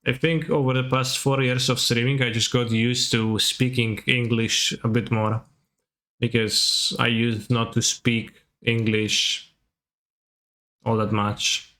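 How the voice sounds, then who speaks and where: A man's voice: medium pitch, level tone, slow, sharp tone. A man with a Russian accent casually commentating his card game on a live stream, answering chat and swearing offhandedly.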